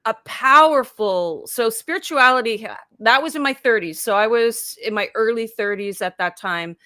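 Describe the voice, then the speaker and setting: A woman in her fifties chats as a guest on a live video call, her voice bright and sharp with a dry, close sound. She tells her story casually, scattering "like" through it and acting out her own past thoughts as quotes. She sits a little higher in pitch than most women. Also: normal speed, dry recording. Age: 50s. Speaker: life coach and guest.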